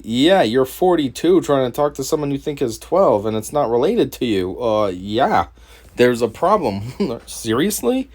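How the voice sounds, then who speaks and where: A young man from Connecticut doing a mocking reaction commentary over a video, laughing often and pausing the clip to remark on it. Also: on the high side, sing-song, a little mellow. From Connecticut, USA. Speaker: commentary host.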